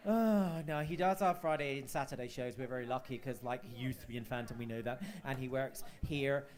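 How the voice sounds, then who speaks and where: A man's voice: mid-range voice, fairly even intonation, a little fast. A man hosting a live cabaret showcase, chatting and teasing the crowd with camp banter. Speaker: host. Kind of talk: cabaret compering.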